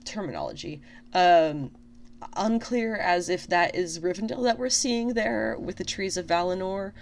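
A woman talking casually about a show trailer, full of fillers and restarts, openly excited. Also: medium pitch, a little slow, gravelly. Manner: chatty, lots of fillers and self-corrections; excited and enthusiastic. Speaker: fantasy fan video host.

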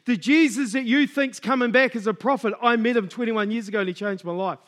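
A middle-aged man preaches a sermon in a notably high voice. He tells his story vividly and voices the other people in it. Then he builds to loud, fervent exhortation. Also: a little fast. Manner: storytelling, acts out dialogue, rising to loud exhortation.

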